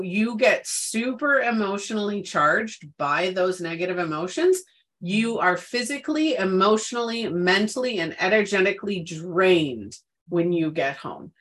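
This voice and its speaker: A woman's voice: medium pitch, animated, measured pace, fairly bright tone. Emphatic woman chatting about wellness. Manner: emphatic, repeats words for stress. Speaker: podcast co-host. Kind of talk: casual wellness chat.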